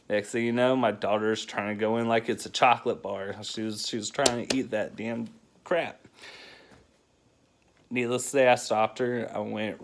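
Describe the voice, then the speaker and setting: This man talks in a casual, chatty vlog style, a single dad running through a countdown list. His voice sits on the low side and has a gravelly edge, and he breaks into laughs as his stories ramble along. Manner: laughs often while telling stories, loose and rambling. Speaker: single father vlogger.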